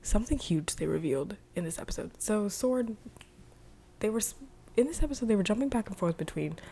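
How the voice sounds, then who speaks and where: A woman's voice: medium pitch, animated, fairly quick, warm tone, slightly rough. A young woman casually recapping a TV episode in a chatty, rambling way, full of "like.". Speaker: video reviewer.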